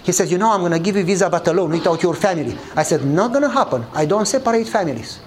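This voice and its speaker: Talking very fast, a pastor animatedly recounts a sermon story in English, changing pitch to act out the dialogue. His grammar is non-native, and the low-quality audio has slight background noise.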